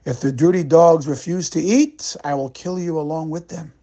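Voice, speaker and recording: A man voicing a harsh male SS officer who barks threats in a high-pitched commanding voice. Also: steady tone, normal speed, dark tone, natural voice. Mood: threatening.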